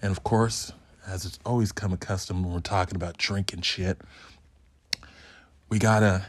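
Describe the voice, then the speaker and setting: A man's voice: sits low, steady tone, moderate pace, long pauses, no echo, studio quality. A man hosting a solo review podcast, talking in a hyped, profane, joking ramble. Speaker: podcast host.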